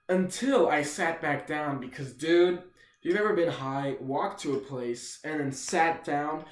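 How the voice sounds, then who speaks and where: A young man rambles through a casual storytime, swearing freely and tacking "dude" onto nearly every line. His voice sits a little high for a man. The room around him is bare and echoey. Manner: rambling, profane, says "dude" constantly. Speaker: vlogger.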